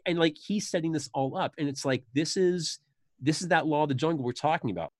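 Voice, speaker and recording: A man chatting casually as a podcast host, retelling film scenes and breaking into high, animated voices for the quoted lines. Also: fairly quick, no echo, studio quality. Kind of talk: casual chat about a film.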